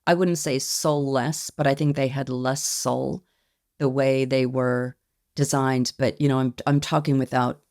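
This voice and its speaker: Gravelly-voiced woman, reflective guest. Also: extremely low pitch, steady tone, a little mellow, no room sound, clean studio sound. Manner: reflective, measured, hedging. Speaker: interview guest, company founder. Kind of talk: podcast interview.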